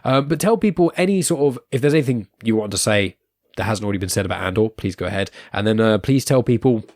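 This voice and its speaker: A man hosting a casual podcast in a friendly, upbeat way, laughing easily between thoughts. His voice sits on the low side and the sound is dry and close, with no room around it. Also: animated, fast talker, a little mellow, no room sound. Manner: chatty, upbeat, laughs often. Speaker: podcast host.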